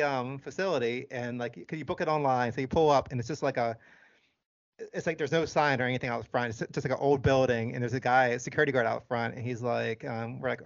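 A man's voice: medium pitch, vocal fry, muffled recording. A man co-hosting a casual podcast, telling a story in a chatty way full of likes and restarts. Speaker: podcast co-host.

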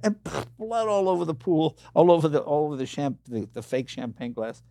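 Older man, lively animated storyteller. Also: a little high, a little fast, no echo, clean studio sound. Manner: animated storyteller acting out voices. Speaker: guest. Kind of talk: storytelling interview.

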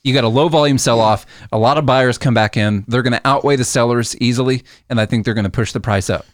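A man's voice: mid-range voice, fast talker, no echo, studio quality. A man co-hosting a casual podcast chat, patiently explaining how the stock market works with everyday comparisons.

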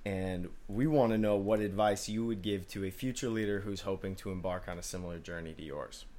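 A man hosting a podcast, asking long, measured interview questions. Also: low voice, steady tone, warm tone, slight background noise. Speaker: podcast host.

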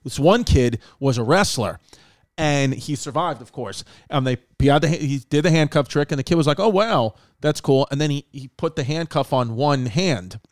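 A man's voice: medium pitch, normal speed, no echo, clean studio sound. A man in casual podcast chat, telling a long story with many fillers and restarts. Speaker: podcast host.

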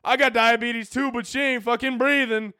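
A man putting on the voice of a brash young man rapping at a funeral, loud, crude and swaggering. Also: extremely high pitch, steady tone, moderate pace, clean tone, no echo, studio quality, pitched above the performer's own voice.

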